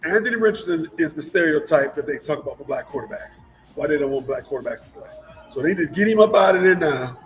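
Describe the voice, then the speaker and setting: Guy rambling about football on a sports talk show, kinda high voice, faint music under it. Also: animated, rough recording. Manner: rambling, repeats words, halting restarts. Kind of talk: casual sports chat.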